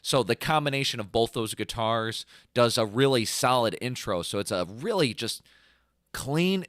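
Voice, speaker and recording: A young man with a mid-range voice talks in a loose, rambling way, scattering "like" through his sentences. He turns animated when he mimics guitar riffs with "bum" and "dun" sounds. The sound is close and dry, with little room. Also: mid-range voice, dry recording. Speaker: podcast co-host and band singer. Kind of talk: casual chat.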